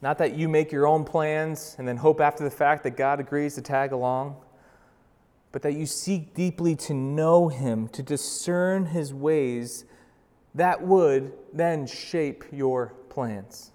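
A young adult male pastor preaching a sermon, chatty with fillers, swinging between loud urgent bursts and slow hushed emphasis. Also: fairly high pitch. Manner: conversational, with fillers and restarts. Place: church sanctuary. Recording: long reverb of a large hall.

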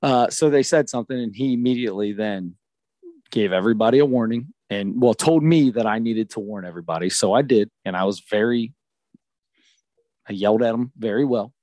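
A man, a youth baseball coach, telling a story in an animated, emphatic way during a casual podcast chat on a close mic. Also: on the low side, brisk, no room sound.

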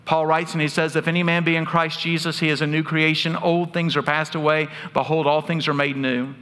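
A man's voice: on the high side, flat delivery, brisk, sharp tone. A man, preaching a sermon as pastor, telling stories earnestly with touches of humor. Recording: long hall reverb.

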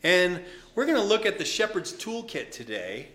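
A male pastor preaching a sermon, telling the story lively and casually, with asides to the congregation. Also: sits high, normal speed. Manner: animated storytelling with acted voices and asides.

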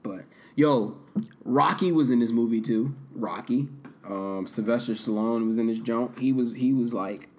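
A man hosting a podcast, recapping a movie in a rambling, profane, casual way, swinging from loud bursts to muttered asides. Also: medium pitch, unhurried. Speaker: podcast host.

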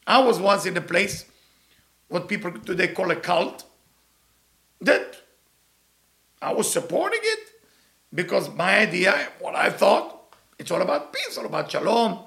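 A middle-aged man giving an animated Torah lesson, emphatic and full of rhetorical questions. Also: high voice, measured pace, creaky, long pauses. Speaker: Torah teacher.

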